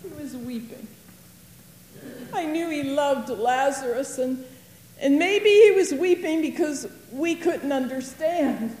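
A woman playing a grieving biblical sister, slow and echoing. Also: sits high, a little mellow, a little hiss or hum. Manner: earnest and emotional, dwelling on words. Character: grieving woman, sister of Lazarus, fond of tidiness. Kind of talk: first-person dramatic monologue. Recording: roomy hall reverb, faint ambience.

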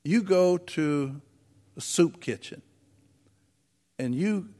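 A man's voice: on the high side, a little mellow, big-room sound. A man preaching a conversational sermon as pastor, asking the congregation rhetorical questions. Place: church sanctuary.

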